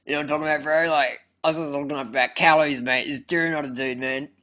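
A man's voice: fairly high pitch, fairly even intonation, fast, sharp tone. A young man rambling in a laid-back, slang-heavy comedic monologue and laughing between phrases. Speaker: comic persona of a raw-food devotee.

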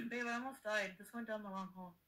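A woman's voice: mid-range voice, steady tone, fast talker, sharp tone, poor audio. Exhausted, giggly woman livestreaming. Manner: chatty, giggly, greets viewers by name. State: exhausted, delirious from travel. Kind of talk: casual livestream chat.

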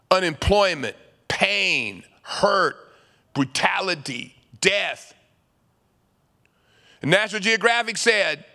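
A man preaching a sermon as pastor, dramatic, dropping to hushed whispers and then rising to loud urging. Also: sits high, gravelly.

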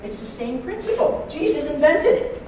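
Lively preacher man in an echoey hall. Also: very high voice, moderate pace, distant mic, a little hiss or hum. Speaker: pastor. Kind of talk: sermon.

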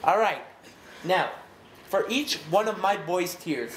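A man on a prank call, sounding fake-furious and sarcastic as he spells things out in a slow, condescending way. The sound bounces around a roomy space with loud noise underneath. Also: sits high, lively intonation. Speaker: prank caller. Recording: echoey room with loud background noise.

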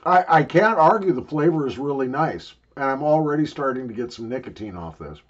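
A man's voice: mid-range voice, lively intonation, brisk, highs cut off. An older man rambling and joking crudely while he talks around a wad of chewing tobacco in a casual review video.

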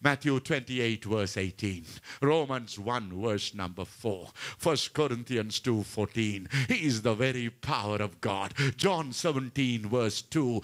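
A man's voice: mid-range voice, fairly bright tone. A male pastor preaching a sermon, repeating phrases in a tender, pleading way and calling his listeners his darling children. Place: church.

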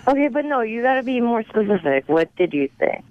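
A woman's voice: on the high side, sing-song, a little fast. A woman calling in by phone, talking bluntly and teasingly, with plenty of profanity. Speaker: caller on the phone. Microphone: phone call. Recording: noisy phone line.

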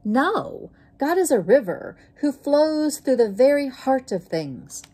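A forceful waterfall declares its view loudly and emphatically in a storybook, voiced by a woman. The voice is pushed high and strong above her usual reading tone. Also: big pitch swings, slow, heavily acted. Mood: emphatic.

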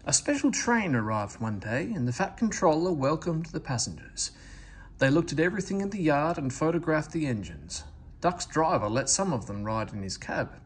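A man reading a children's train storybook aloud, with expressive narration. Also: on the high side, normal speed, slightly rough. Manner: expressive, lively character reading. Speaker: storybook reader.

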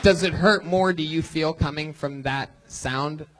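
A man's voice: fairly high pitch, measured pace. A man hosting a live comedy podcast on a club stage, rambling through self-aware jokes while interviewing a comic. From Ohio. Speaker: host.

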